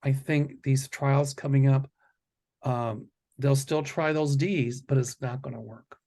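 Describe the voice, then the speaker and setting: A man hosting a psychic chat show, talking casually and stressing his points in slow, deliberate lists. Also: mid-range voice, steady tone, dark tone. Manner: deliberate, emphatic listing of words. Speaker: psychic host.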